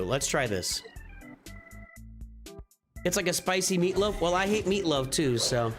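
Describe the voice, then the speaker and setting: A man's voice: sits high, lively intonation, a little slow, long pauses. A man hosting a live stream, chatting casually and answering viewers' questions while he plays. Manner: rambling, answers viewers' questions, off-hand asides. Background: music.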